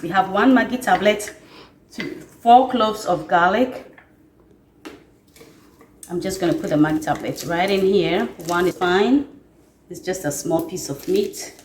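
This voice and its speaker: A woman's voice: medium pitch, a little hiss or hum. A woman giving a casual home cooking demonstration in her kitchen, chatting and often checking in with her listeners. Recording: echoey kitchen, mic at a distance.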